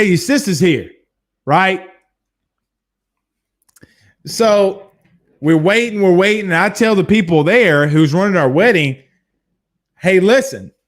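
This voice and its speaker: A man in his thirties from Louisiana hosting a casual sports stream, reading viewer comments and telling stories in a blunt, animated way. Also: high-pitched, takes it slowly, long pauses. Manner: animated storyteller, hums drum beats, blunt. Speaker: sports show host.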